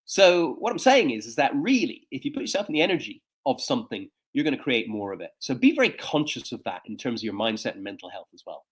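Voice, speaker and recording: A man's voice: medium pitch, fast talker, hardly any pauses, husky. A man in his fifties, a coach and speaker, telling personal stories in an interview with frequent fillers and restarts. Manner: animated storyteller with frequent fillers. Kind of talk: conversational interview storytelling.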